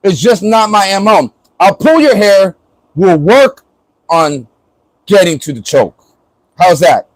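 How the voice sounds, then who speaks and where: High-voiced joking man streaming live. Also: animated, slow pace, pauses often, dry recording, low-quality recording. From Florida. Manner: joking, rambling, laughs often. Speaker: livestreamer. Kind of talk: casual livestream chat.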